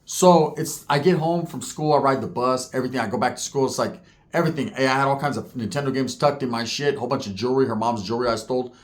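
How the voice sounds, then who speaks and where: A man's voice: medium pitch, fast. A man in his forties from California, telling street stories in a casual, profane way with heavy slang. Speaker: storyteller host.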